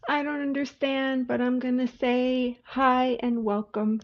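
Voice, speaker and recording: Slow-talking woman greeting livestream viewers. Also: sits high, flat delivery. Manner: chatty, greets viewers by name. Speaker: livestream tarot reader. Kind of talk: casual livestream chat. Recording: dull lo-fi audio with faint hiss.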